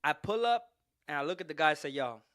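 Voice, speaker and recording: Laughing through his tale, a podcast host gets animated and profane while telling a long story in casual conversation. His voice is on the high side and quick, recorded dry with studio quality.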